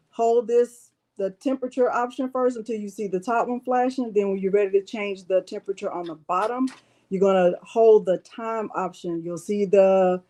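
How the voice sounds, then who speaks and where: A woman's voice: mid-range voice, dark tone. A woman hosting a casual crafting livestream, chatting to viewers as she walks through a machine's controls. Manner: chatty, addresses viewers as y'all. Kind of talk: casual live demo chat.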